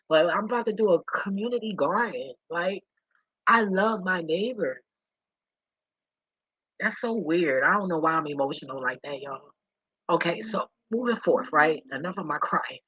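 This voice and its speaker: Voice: medium pitch, sharp tone, slightly rough, no room sound, lo-fi sound. A vlogger talking straight to viewers in a rambling, profane and emotional way. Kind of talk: candid monologue to viewers.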